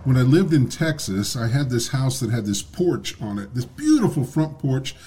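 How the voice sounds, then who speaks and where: A man's voice: mid-range voice, big pitch swings, normal speed, dark tone. A man chatting casually, telling rambling, self-deprecating stories. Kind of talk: casual chat.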